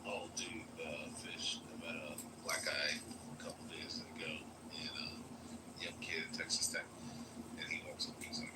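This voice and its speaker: A man's voice: low-pitched, brisk, heavy background noise. A man from Florida in casual live-stream chat, rambling and swearing with lots of filler words.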